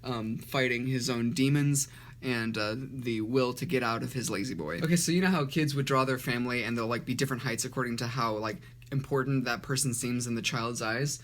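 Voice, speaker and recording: A man's voice: mid-range voice, a little fast. A man giving casual, self-mocking commentary as he flips through his childhood drawings, with sarcastic asides and frequent laughs.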